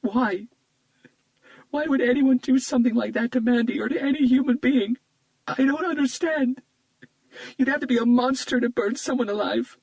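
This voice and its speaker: A man's voice: medium pitch, lively intonation, brisk, no room sound, lo-fi sound, pitched above the performer's own voice, natural voice. A man reading as a tearful, grieving young woman who works as an estate agent, his voice raised and trembling. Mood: sobbing distraught. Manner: breathy, trembling delivery.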